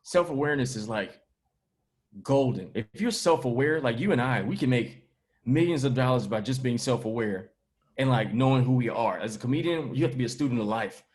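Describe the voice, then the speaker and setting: A man's voice: mid-range voice, lively intonation, fairly quick, a little mellow. A man who is a comedian and podcast host, making his point in casual conversation with emphatic, slangy delivery.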